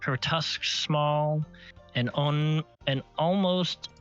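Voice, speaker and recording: A man's voice: on the high side, drawn-out words, fairly bright tone, clear, resonant tone. A man narrating a tabletop game as game master, describing scenes in detail and often correcting himself mid-sentence. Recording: slightly muffled stream audio, faint music.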